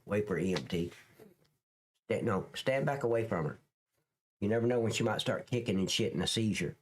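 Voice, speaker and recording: A man's voice: fairly low pitch, expressive, brisk, slight background noise. A man, a former police officer, giving blunt, profane commentary over clips in a casual livestream, dragging out words for emphasis.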